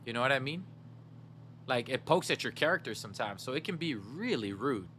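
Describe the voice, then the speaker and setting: A man's voice: medium pitch, expressive, a little fast, pushed and bright, a little hiss or hum. A young man streaming a game, chatting casually with his viewers in a laid-back, slangy way and laughing often.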